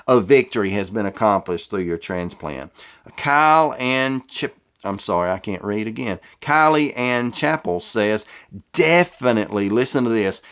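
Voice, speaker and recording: A man's voice: mid-range voice, clean tone. A middle-aged man from the American South reading viewer comments in a casual, folksy way and stumbling over names.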